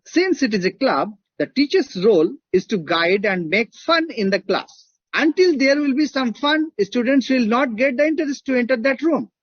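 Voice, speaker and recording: Husky high-voiced Indian man lecturing. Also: animated, moderate pace, no room sound, highs cut off. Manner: emphatic, repeats points and checks in with "right?". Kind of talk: classroom lecture.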